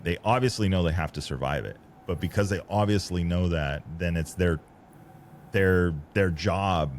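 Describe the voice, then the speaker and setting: A low-voiced man chats casually about rally logistics. He talks in a halting, rambling way, restarting phrases again and again. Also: a little mellow, slight background noise. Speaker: host and rally support coordinator. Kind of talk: casual conversation.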